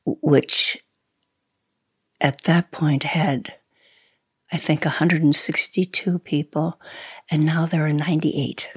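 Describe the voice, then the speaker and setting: A woman in her eighties, originally from Sweden, reminiscing softly in an interview, halting and laughing often. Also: sits low, fairly even intonation, slightly rough, no echo. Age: 80s. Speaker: interview guest. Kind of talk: reminiscing conversation.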